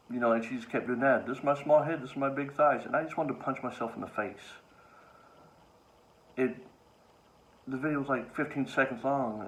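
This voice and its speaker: A man's voice: fairly low pitch, fairly bright tone, poor audio. A man, a comedian, telling a story in a casual monologue to camera with an exasperated, wry manner.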